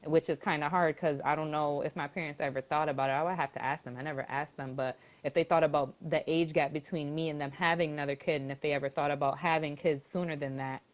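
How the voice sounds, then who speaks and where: A woman's voice: sits low, steady tone, fast, few pauses. A woman in her twenties, the eldest sister, chatting casually on a live stream and laughing often. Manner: chatty, laughs often, uses dialect grammar. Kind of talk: casual chat.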